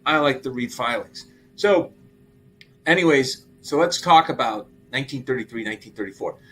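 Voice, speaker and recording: A middle-aged man hosting casual market commentary, animated and exclaiming as he walks through figures. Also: mid-range voice, moderate pace, slight background noise. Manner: animated, exclaiming and laughing at the numbers. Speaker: show host.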